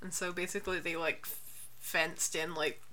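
Female podcast co-host, easygoing and halting, low pitch with a bright edge. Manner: relaxed, hesitant, many fillers. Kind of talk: casual chat.

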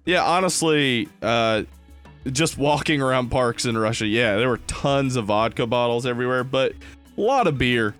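A young man trades easy, joking stories with a co-host on a podcast. His voice sits at an ordinary middle pitch and he talks in a relaxed way. Faint music plays behind the talk. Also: normal speed, clear, resonant tone. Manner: relaxed, joking storyteller, slips into a mock Russian voice for laughs. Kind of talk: casual chat. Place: Los Angeles.

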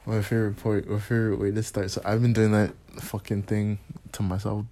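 Gravelly-voiced man rambling on a podcast. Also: on the low side, level tone, a little fast, mellow, no room sound. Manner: rambling, profane, laid-back. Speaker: podcast host. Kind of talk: solo casual podcast talk. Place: small dark room.

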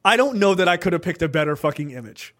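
A fast-talking man with a fairly high pitch co-hosts a podcast. He chats about politics in a rambling, profane, animated way, constantly tossing in "right?".

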